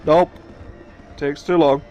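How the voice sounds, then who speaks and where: A man's voice: on the high side, steady tone, slow pace, warm tone. A man hosting a let's play, chatting casually, thinking aloud and swearing freely as he plays. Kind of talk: casual gameplay commentary.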